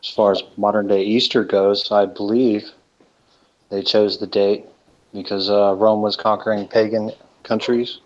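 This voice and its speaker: Low, flat-voiced man on a lo-fi stream. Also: measured pace. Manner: rambling, hesitant, with many fillers. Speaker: co-host of a live stream. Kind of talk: casual live-stream chat. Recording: dull lo-fi stream audio.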